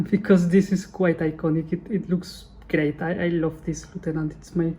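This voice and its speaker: Low-pitched, mellow woman unboxing. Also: level tone, moderate pace. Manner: chatty, often corrects herself. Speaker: channel host. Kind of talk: casual unboxing commentary.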